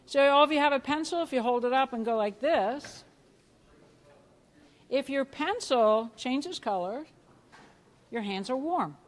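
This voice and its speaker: Animated woman lecturing a live audience. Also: sits high, a little slow, pauses often. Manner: animated, asks the audience questions, acts out reactions. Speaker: biofeedback clinician presenting a workshop. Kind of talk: lively hands-on lecture. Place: conference room with a live audience.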